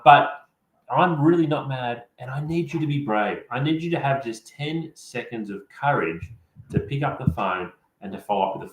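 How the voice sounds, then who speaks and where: A man, a career coach presenting an online workshop, speaking directly and encouragingly to his audience. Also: mid-range voice. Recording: roomy echo.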